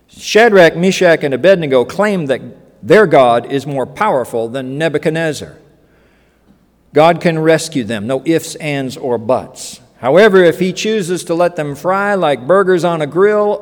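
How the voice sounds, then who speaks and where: A pastor preaching a sermon in a folksy, joking way, acting out quotes, in a church hall. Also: male voice, on the high side, moderate pace. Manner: folksy, animated, joking asides and acted-out quotes.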